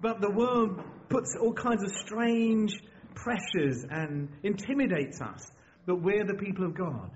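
A man preaching a sermon in a lively, conversational way, often restarting his phrases. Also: sits high, unhurried. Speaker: visiting preacher. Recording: dull lo-fi church recording with faint hiss.

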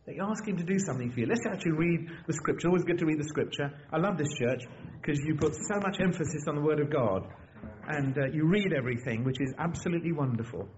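A man preaching a sermon in a lively, conversational way, often restarting his phrases. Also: a little high, fast. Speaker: visiting preacher. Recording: dull lo-fi church recording with faint hiss.

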